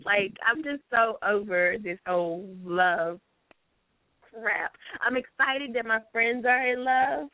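A woman on a talk-show panel, blunt and drawn-out with her swearing in casual banter. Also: mid-range voice, no echo. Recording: tinny dry phone-line sound.

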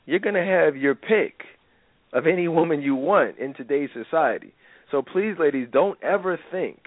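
A man's voice: mid-range voice, no echo, narrow, tinny audio. Preachy male radio host on a thin line. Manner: preachy, rambling, lots of fillers. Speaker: radio talk show host. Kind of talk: opinionated monologue to listeners.

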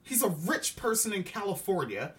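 Animated, profane man reviewing a show. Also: sits high, normal speed. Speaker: podcast host. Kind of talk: casual show review chat.

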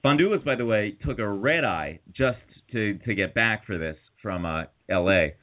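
A man's voice: on the low side, lively intonation, moderate pace. A man telling a long story in casual chat, rambling with fillers and restarts and mocking the people in it. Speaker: podcast co-host. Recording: tinny phone-like audio.

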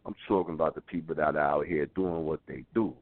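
A man's voice: a bass voice, fairly even intonation, fast talker, dry recording. A man co-hosting a call-in talk show, blunt and repetitive, talking in street slang. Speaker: co-host. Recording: tinny phone line.

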